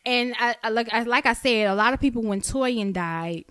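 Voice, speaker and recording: A woman's voice: a little high, moderate pace, fairly bright tone, clear, resonant tone, no echo, clean studio sound. A young woman co-hosting a podcast in casual, joking chat, full of slang, acting out quotes. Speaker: podcast co-host.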